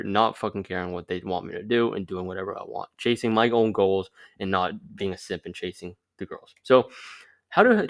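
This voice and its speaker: Young man rambling casual advice. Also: mid-range voice. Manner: rambling, loose, lots of "like" fillers. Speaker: vlogger.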